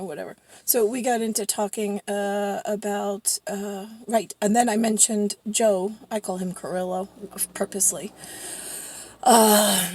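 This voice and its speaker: A woman vlogger telling a rambling story in a chatty, excitable way, full of fillers and quoted back-and-forth dialogue. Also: mid-range voice, husky, no room sound.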